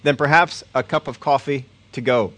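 A man's voice: medium pitch, normal speed, a bit bright, close to an everyday voice. A man voicing a wealthy, kind woman who is cheerful and politely insistent. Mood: bright polite.

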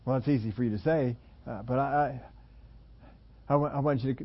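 A male pastor delivers a sermon in an easygoing, conversational style. He acts out the voices of the people in his stories. His voice sits at a middle pitch, and the recording sounds a little dull and lo-fi. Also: fairly quick.

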